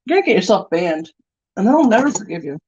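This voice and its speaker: A woman's voice: mid-range voice, very animated, fast talker, darkish tone, a little hiss or hum. A sleepy woman chatting casually with live viewers while doing her makeup, teasing them playfully and yawning often. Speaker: livestream host doing makeup. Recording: dull, lo-fi and dry.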